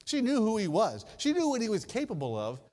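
Male pastor giving a sermon, swoops up and down a lot, long hall echo. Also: high-pitched. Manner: animated preaching with drawn-out pauses and dropped endings.

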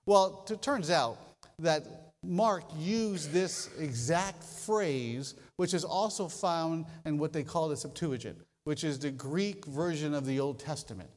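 A man preaching a sermon as a pastor, telling stories in an animated way and hammering home short repeated phrases. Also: on the high side, long reverb tail.

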